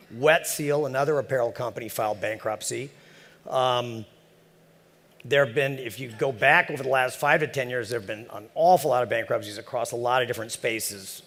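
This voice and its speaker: A man of middle pitch giving a casual, joking conference talk, full of fillers and asides. His voice sits in a large hall with a long, echoing reverb. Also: fairly bright tone. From San Francisco Bay Area. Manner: joking, chatty, many fillers. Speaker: conference speaker. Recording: echoey conference hall over PA.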